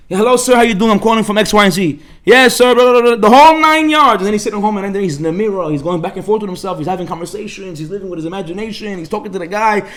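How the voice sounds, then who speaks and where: Fast, high-voiced animated rabbi. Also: male voice. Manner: animated, acts out voices, laughs often. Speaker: rabbi giving a Torah class. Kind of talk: lively Torah class to a live group. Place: synagogue study hall.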